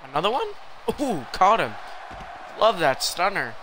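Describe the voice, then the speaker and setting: Young man, game streamer, excitable live commentary, bright voice, faint background hiss. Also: high voice, measured pace. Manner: excitable, reacts loudly to the game.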